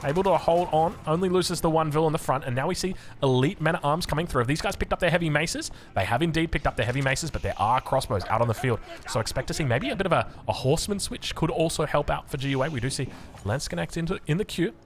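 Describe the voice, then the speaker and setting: A man's voice: fairly high pitch, fast talker, a little hiss or hum. A young Australian man giving chatty, enthusiastic commentary on a strategy game match, wandering into rambling asides. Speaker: game caster. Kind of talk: esports commentary.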